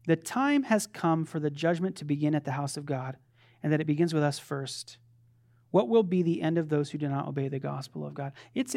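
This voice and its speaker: A man preaching a sermon, moving between loud fervent declarations and soft, conversational asides. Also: sits high. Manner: acts out quoted voices of his children playfully. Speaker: pastor.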